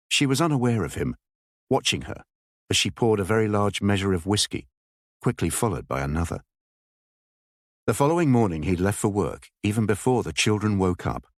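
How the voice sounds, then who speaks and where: Low-voiced man narrating a thriller audiobook. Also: no echo, studio quality. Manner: measured, expressive storytelling.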